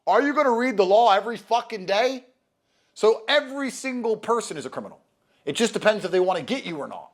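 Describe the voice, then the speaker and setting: A guest speaks in a high, lively voice whose pitch swings up and down as he lectures at a quick pace. He is emphatic and swears freely in this casual conversation.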